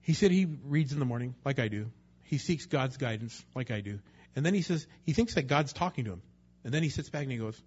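A man's voice: mid-range voice, animated, brisk, darkish tone, breathy edge, muffled recording. A man preaching a sermon in a conversational way, sometimes acting out the voices of people he quotes. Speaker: pastor.

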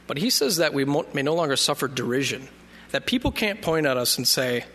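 A man's voice: mid-range voice, animated, a little fast, fairly bright tone. A man preaching a sermon in a conversational way, reading scripture aloud and joking when he trips over names. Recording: long reverb of a hall.

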